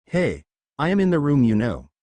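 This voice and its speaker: A man's voice: a little high, wildly swooping pitch, moderate pace, dark tone, no echo. A man voicing Harry, an earnest, worried teenage wizard, in a storybook reading. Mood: protesting. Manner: earnest, a little desperate.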